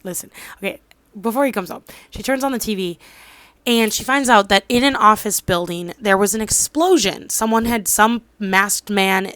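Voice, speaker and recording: A woman's voice: mid-range voice, moderate pace, fairly bright tone, no room sound. A woman in her twenties casually recapping a drama, rambling with lots of fillers and losing track of details. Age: 20s. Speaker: drama reviewer.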